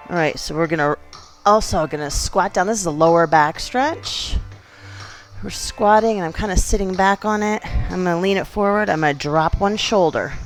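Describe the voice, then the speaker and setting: A woman fitness instructor leading a gentle exercise class, chatty and encouraging, counting reps aloud. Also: mid-range voice, rough recording. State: out of breath at times.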